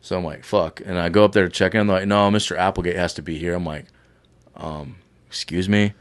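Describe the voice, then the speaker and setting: Low voiced dude, laid back, cussing through a hotel story. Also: male voice, steady tone, racing. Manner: laid-back, profane, interjects. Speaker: podcast guest. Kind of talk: casual storytelling chat.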